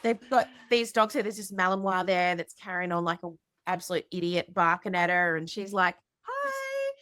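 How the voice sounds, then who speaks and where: A woman hosting a podcast, telling a story in a chatty, animated way with lots of fillers. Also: lowish voice, a little fast, no room sound, studio quality. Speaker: podcast host. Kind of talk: casual storytelling chat.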